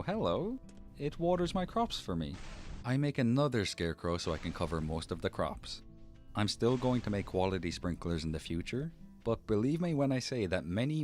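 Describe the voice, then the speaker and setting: A man's voice: sits low, a little mellow. A man with a lisp narrating his gameplay in a scripted voice-over, with dry, mock-dramatic humor.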